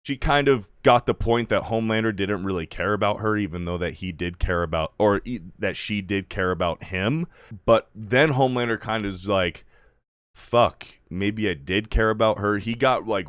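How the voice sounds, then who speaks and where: A man casually recapping TV episodes, rambling and swearing, leaning heavily on "like". His voice sits on the low side, and the recording is dry and close-miked. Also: smooth, dry recording. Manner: rambling, profane, lots of "like". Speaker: video reviewer.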